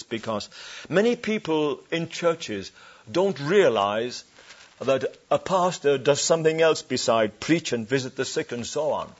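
A male preacher delivers a sermon in a church with a mid-range voice. He leans hard on scripture phrases and draws each one out slowly, and he throws rhetorical questions to the congregation. The recording sounds dull and lo-fi. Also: mid-range voice.

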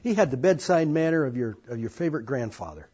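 A man's voice: mid-range voice, expressive, fast talker, dark tone, slightly rough. An older man earnestly telling his life story to an audience, with folksy asides, in a dull lo-fi recording. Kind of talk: personal testimony to an audience.

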